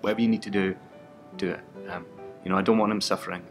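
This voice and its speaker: Brief: humble old widower, hushed and low, voiced by a man in a lower-pitched storytelling tone. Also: fairly even intonation, quick pace, soft background music, close to an everyday voice. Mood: hushed, earnest. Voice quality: soft, hushed.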